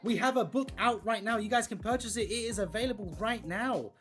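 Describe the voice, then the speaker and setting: A livestream host and content creator chatting casually with viewers while colouring, excitable and gushing. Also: medium pitch, a little fast, soft background music. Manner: excitable and gushing, talking to chat.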